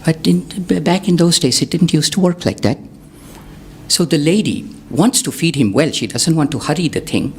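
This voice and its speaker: A man's voice: a little high, lively intonation, normal speed, husky. A man telling a spiritual story to a gathering, conversational, asking the audience questions and adding wry asides. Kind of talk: satsang storytelling talk.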